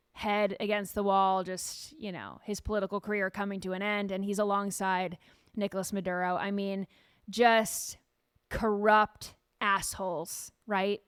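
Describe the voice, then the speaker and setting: A woman hosting a casual news commentary show, animated and sarcastic, firing off rhetorical questions. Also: medium pitch, clean tone, no echo, clean studio sound. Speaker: show host.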